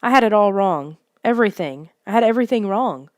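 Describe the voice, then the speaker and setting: A woman's voice: mid-range voice, animated, a little fast, no room sound, studio quality, lightly acted. A woman voicing a frightened young kid who stammers and pleads in a raised voice. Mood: frantic.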